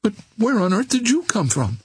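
A man reading an audiobook voices an emotional young heiress in a high, raised voice. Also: huge pitch swings, normal speed, husky, full character voice. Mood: earnest. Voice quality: raised falsetto-like voice. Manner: earnest and emotional. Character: young woman, a wealthy heiress, tender. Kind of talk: audiobook character voice.

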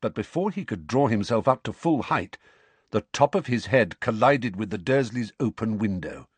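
A man narrates a novel with an animated, rolling delivery. His low voice has a husky edge, and it sits close and dry with no room sound at all. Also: moderate pace, no echo. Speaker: audiobook narrator. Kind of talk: scripted storybook narration.

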